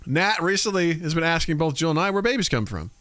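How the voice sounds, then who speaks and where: Animated man telling family stories. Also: fairly high pitch, quick pace, no room sound. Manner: animated storyteller acting out family dialogue. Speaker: podcast co-host. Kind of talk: casual chat.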